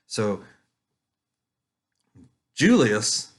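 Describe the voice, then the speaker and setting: A man who does children's ministry puppetry, giving a casual, calm, rambling talk over a webcam with many fillers. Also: on the low side, drawn-out words. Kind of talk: casual online conference talk.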